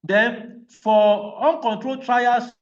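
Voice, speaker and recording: A man's voice: very high voice, fairly even intonation, takes it slowly, recorded from a distance, dull audio. A man teaching a physiotherapy training class, emphatic and repeatedly checking that the class is following. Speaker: physiotherapy lecturer. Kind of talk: online training lecture.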